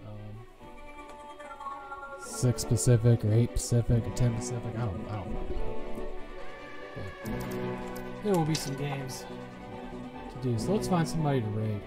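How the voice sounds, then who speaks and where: A man's voice: medium pitch, a little slow, long pauses. A man with a Southern US accent streaming a game, chatty, laughing often and swearing freely. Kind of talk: casual live-stream commentary. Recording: game music playing behind the voice.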